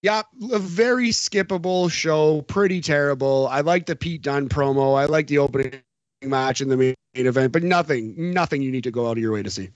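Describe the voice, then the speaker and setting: A man's voice: medium pitch, brisk, dry recording, lo-fi sound. A man co-hosting a podcast, chatting casually and jokily about a wrestling show and laughing often. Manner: animated, jokey, laughs often. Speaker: podcast co-host. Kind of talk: casual wrestling recap chat.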